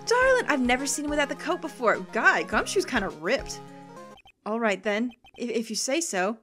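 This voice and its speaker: A woman hosting a let's play, giving excitable, exclamatory commentary full of gasps and little asides of "darling". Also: sits high, normal speed, soft background music. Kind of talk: reactive gameplay commentary.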